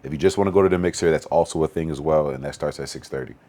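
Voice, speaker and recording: Very deep-voiced fast-talking man. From Western Massachusetts. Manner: fast, animated storytelling with slang. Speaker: podcast guest, event organizer. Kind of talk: casual podcast conversation.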